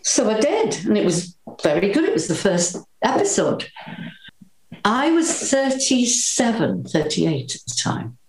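An older Welsh actress telling lively anecdotes in an interview, acting out the voices she quotes. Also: mid-range voice, measured pace, roomy sound, slight background noise, poor audio. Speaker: actress guest.

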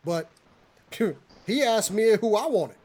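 A podcast co-host in a casual panel chat, talking in an animated, exasperated ranting way. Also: mid-range voice, slow, slightly rough.

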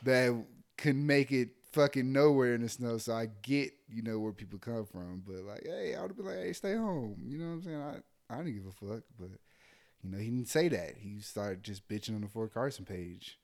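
A man's voice: mid-range voice, moderate pace. A young adult man, an army sergeant, venting bluntly and profanely in casual chat.

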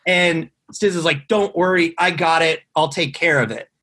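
A man with a slightly higher, husky voice tells a long, rambling tale in casual podcast chat. He swears freely and fills his talk with "like" and "you know.". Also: moderate pace, sharp tone. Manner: rambling storyteller, profane, many fillers. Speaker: guest telling a tour story.

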